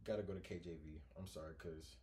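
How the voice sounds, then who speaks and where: A young man co-hosting a faith podcast, talking with passion and preaching, swinging between soft, slow stretches and loud, lively bursts. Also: low-pitched. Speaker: podcast co-host.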